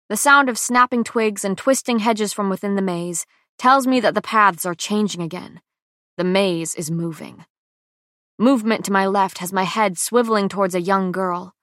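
A woman narrating a first-person audiobook with a tense, dramatic delivery that drops to hushed lines, recorded on a close mic in a booth. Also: mid-range voice, no room sound.

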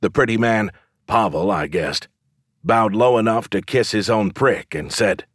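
A man reading a first-person fantasy audiobook in a measured, reflective way on a close studio mic. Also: lowish voice, breathy edge, no room sound. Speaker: audiobook narrator.

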